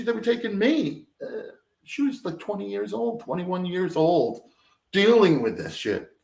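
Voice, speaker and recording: A man's voice: on the high side, gravelly. An American man telling a story as an interview guest, acting out what others said in raised voices. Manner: animated, acts out quoted voices loudly. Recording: echoey room.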